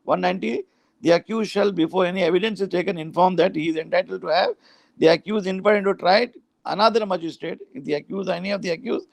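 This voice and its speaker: High-voiced Indian man lecturing on law. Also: fast, creaky, no echo. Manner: explanatory, frequent "huh?" and "uh" asides, mixes in Hindi phrases. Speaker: law professor.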